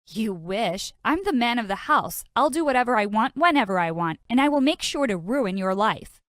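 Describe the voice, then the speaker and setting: A woman's voice: on the high side, animated, moderate pace, a bit bright, no echo, clean studio sound. A woman voicing a cocky teenage twin brother who taunts his sister in a smug way.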